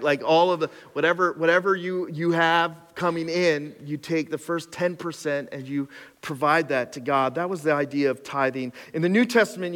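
A man preaching a sermon as pastor, emphatic and building to loud passion, with casual asides and laughs. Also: fairly high pitch. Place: church auditorium. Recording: long hall reverb.

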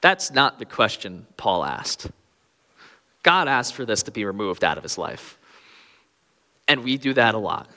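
Young guy preaching, bright forceful voice, earnest, long hall reverb. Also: lowish voice, big pitch swings, unhurried, pauses often. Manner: earnest, pleading emphasis on key phrases. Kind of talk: sermon.

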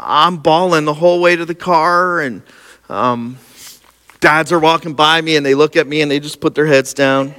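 Pastor, 40s, male; bright, slightly high voice; animated storytelling sermon in a big echoey hall. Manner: personal storytelling, animated, laughing at himself. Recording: long hall reverb.

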